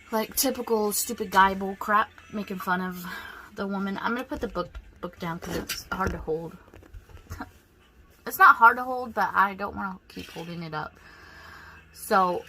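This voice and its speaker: Woman, bright voice, casual book vlog chat, rambling with ums and likes. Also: medium pitch. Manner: chatty, many ums and likes, restarts. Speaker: book vlogger. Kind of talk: casual reading update.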